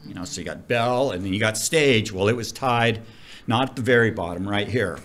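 A middle-aged man, a commercial diving instructor, telling stories in a casual interview, animated and profane. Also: lowish voice, a little fast. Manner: animated, profane, vivid storyteller.

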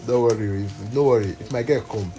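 A man with a Nigerian Pidgin English accent, recapping his comedy skits for viewers, animated and laughing, slipping into Pidgin. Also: fairly low pitch, brisk. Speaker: comedy skit creator. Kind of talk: casual storytelling to viewers. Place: live gallery with people around.

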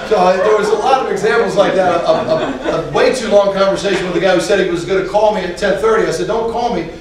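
A man's voice: high voice, quick pace, crowd noise. A man telling funny anecdotes in a chatty, meandering way, often restarting and laughing as he goes. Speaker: speaker. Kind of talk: storytelling talk with jokes. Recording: distant, echoey room, faint ambience.

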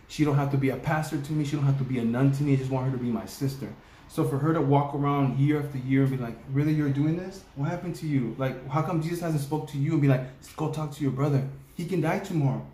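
A man's voice: mid-range voice, mellow. A man co-hosting a reaction video, talking rawly and emotionally, close to tears, repeating himself for emphasis. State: on the verge of tears. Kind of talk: emotional casual reaction talk. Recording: roomy echo, faint background noise.

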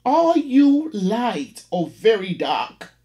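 A man's voice: high-pitched, big pitch swings, extremely slow, dark tone, voice pushed up, heavily acted. Man putting on a prim prying British landlady. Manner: clipped and prying.

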